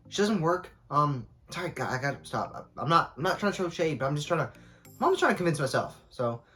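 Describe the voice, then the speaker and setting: A man's voice: on the high side, fairly bright tone. A young man vlogging casually while eating, talking candidly and rambling with lots of fillers, sometimes with food in his mouth. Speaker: mukbang vlogger.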